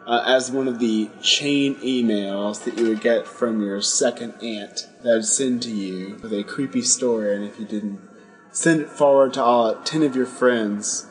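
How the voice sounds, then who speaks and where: A man with a middle-pitched voice co-hosts a podcast. He explains things in an easy, friendly way, with faint music underneath. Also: unhurried. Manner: friendly, easygoing, informative. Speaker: podcast co-host. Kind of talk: casual podcast chat.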